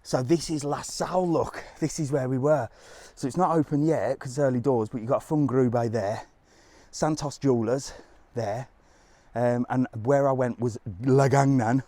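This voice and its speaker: A man's voice: medium pitch, fairly even intonation, moderate pace, dark tone, no room sound. Chatty, ranting man on a live stream. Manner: chatty, ranting, laughs often, mild swearing. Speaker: travel vlogger hosting a live stream. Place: outdoors on a resort street in light rain.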